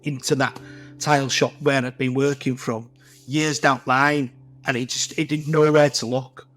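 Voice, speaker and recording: A man's voice: mid-range voice, little pitch movement, normal speed, fairly bright tone. A middle-aged man from Leeds with a Yorkshire accent, a podcast guest telling rambling, blunt anecdotes full of swearing. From Leeds, England. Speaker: guest tiler. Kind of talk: casual podcast chat.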